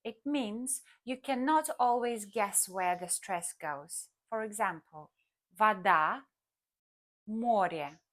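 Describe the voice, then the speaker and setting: A woman teaching a language lesson, speaking in a careful, clearly enunciated way. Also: a little high, slow, few pauses.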